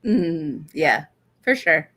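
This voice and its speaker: A woman co-hosting a casual TV recap chat, answering with quick, agreeable affirmations. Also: low voice, big pitch swings, bright, forceful tone, no echo. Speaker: co-host.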